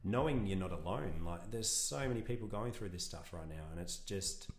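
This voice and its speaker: A man's voice: deep voice, lively intonation, moderate pace, echoey room. A man, a podcast guest talking earnestly and reflectively in a casual interview, rambling with restarts. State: emotional.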